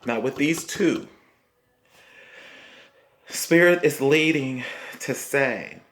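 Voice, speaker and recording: A man giving a spiritual tarot reading, speaking slowly and repeating himself, often checking in with "okay?". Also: medium pitch, a bit bright. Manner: slow, repetitive, reassuring, punctuated by "okay?". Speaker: tarot reader.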